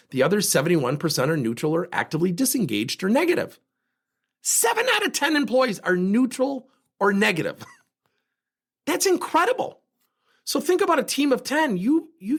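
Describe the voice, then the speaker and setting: A middle-aged man delivers a solo coaching podcast with lively, swooping intonation. His voice sits a touch high for a man and carries a husky grain. He hammers his points home with emphasis. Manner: animated, emphatic, acts out quoted dialogue. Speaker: podcast host and leadership coach.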